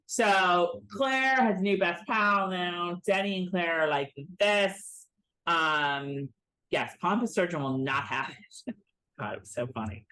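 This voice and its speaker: A woman's voice: lowish voice, takes it slowly, sharp tone. A woman co-hosting a casual recap chat, talking animatedly and mimicking characters in mocking voices. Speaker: podcast co-host.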